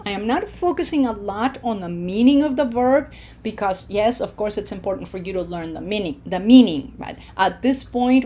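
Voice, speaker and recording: A woman teaching a slide-based Spanish lesson, modeling words slowly and clearly and checking in with "okay?". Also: mid-range voice. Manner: slow, deliberate, drawls out Spanish models loudly for repetition, checks in with "okay?".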